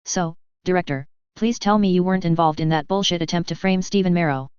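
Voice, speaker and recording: A woman's voice: on the low side, brisk, darkish tone, clear, resonant tone, no echo, highs cut off, natural voice. A woman reading the lines of a blunt, swearing human male ambassador.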